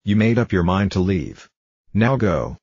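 A man's voice: lowish voice, animated, measured pace, darkish tone, husky, no room sound. A man reading as a proud, fragile flower. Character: proud, fragile female flower, gently scolding. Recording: dull lo-fi dry recording.

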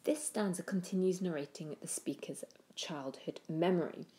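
Female teacher, lower voice, reflective poetry lesson with hesitant restarts. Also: moderate pace. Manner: thoughtful, with fillers and restarts, trailing off quietly.

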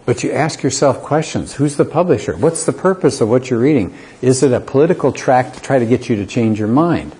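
Speaking briskly with few pauses, a middle-aged community college teacher gives an earnest, animated lecture to a live audience in a mellow, medium-pitched voice. Along the way he asks rhetorical questions and performs both sides of quick dialogues.

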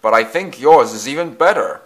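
A man's voice: mid-range voice, expressive, normal speed, pitched above the performer's own voice, close to an everyday voice. A man doing a proud, teasing big engine. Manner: amused, gently mocking. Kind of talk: storybook character voice.

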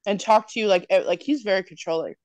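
A woman's voice: mid-range voice, fast talker, darkish tone, dry recording. A woman co-hosting a podcast, chiming in bluntly with swearing and jokey asides. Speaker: podcast co-host. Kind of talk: casual chat.

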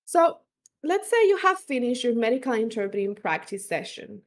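A woman's voice: on the high side, big pitch swings, moderate pace. A woman teaching as an instructor, explaining step by step with fillers and small self-corrections. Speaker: language instructor.

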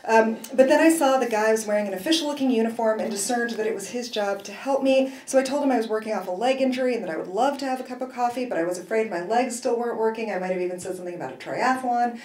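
A woman's voice: a little high, quick pace, few pauses, a little mellow. Woman author reading in a roomy hall. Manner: wry first-person delivery with brief asides. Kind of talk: reading aloud from her novel. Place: university event hall.

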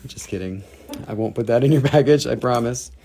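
Gravelly Southern man hosting a live sale. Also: mid-range voice, normal speed, warm tone, slight background noise. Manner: joking, chatty, laughs at himself. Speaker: host of a live gem and mineral sale. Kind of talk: live selling chat.

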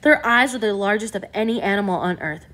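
A woman reading an excitable lecturing scientist. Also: mid-range voice, fast, natural voice. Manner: explanatory, lecturing.

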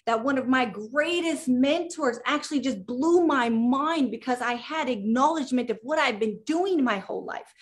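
A woman life coach giving a motivational coaching talk to a group, lively and chatty, often checking in with her listeners. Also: high voice.

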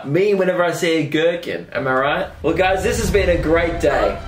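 A young man chatting casually on a vlog, cheeky and joking, quick to laugh. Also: fairly high pitch. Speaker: co-host of a couple's channel. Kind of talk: casual playful vlog chat. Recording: echoey room with loud music behind.

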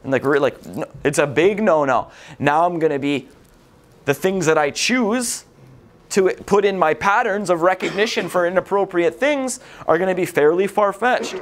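A man's voice: high-pitched, normal speed. Vulgar, rambling man giving a lecture. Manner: swears a lot, vulgar, rambling. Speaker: addiction recovery lecturer. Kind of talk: casual lecture to a group.

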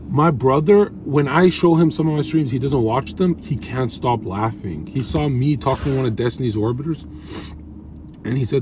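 A man's voice: mid-range voice, animated, normal speed, a little mellow, a little hiss or hum. A man streaming from his car, talking in brash, crude trash-talk to his chat. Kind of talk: casual livestream chat.

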